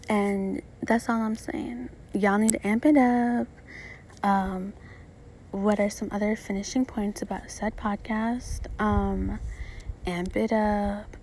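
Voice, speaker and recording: A woman's voice: mid-range voice, darkish tone, a little hiss or hum. Blunt, profane young woman podcasting. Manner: blunt, profane, rambling with frequent likes. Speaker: podcast host. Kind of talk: casual solo podcast monologue.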